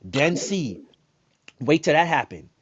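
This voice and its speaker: A man's voice: on the high side, very animated, takes it slowly, slightly rough. A man on a panel in an online talk room, giving heated opinion talk. He repeats his warnings and keeps asking "right?". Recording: dull lo-fi online audio.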